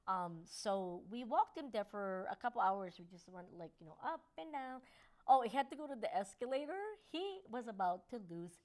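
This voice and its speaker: A woman's voice: medium pitch, animated, moderate pace, darkish tone. A woman co-hosting a podcast, chatting casually and telling stories with lots of laughter, acting out the voices of her dog and husband. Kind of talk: casual chat.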